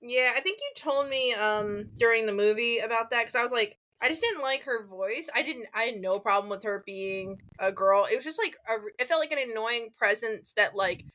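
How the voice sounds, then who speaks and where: A woman's voice: fairly high pitch, a little fast, hardly any pauses, sharp tone. A woman in casual chat, gushing with enthusiasm.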